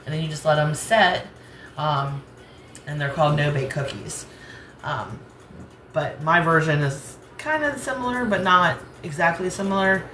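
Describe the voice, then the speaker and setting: An American cooking channel host with a rural Southern accent chats and rambles as she cooks in her home kitchen, laughing easily. Her voice is low, expressive and fairly bright in tone, at a measured pace, and the recording is reverberant with a little hiss or hum.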